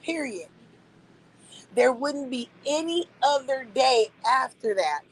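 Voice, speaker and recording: Gravelly, husky woman venting bluntly. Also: sits high, animated, takes it slowly, rough recording. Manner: blunt, incredulous, repeats points for emphasis. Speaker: live streamer. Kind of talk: casual venting to a live stream chat.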